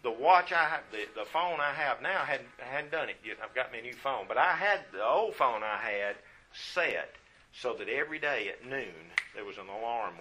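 A man's voice: medium pitch, bright, forceful tone. A man preaching a sermon in a folksy way, often repeating phrases for emphasis.

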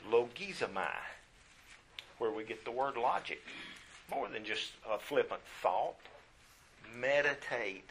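A man's voice: medium pitch, animated, takes it slowly, long pauses, a bit bright, a little hiss or hum. A man preaching a sermon in a folksy way, often repeating phrases for emphasis.

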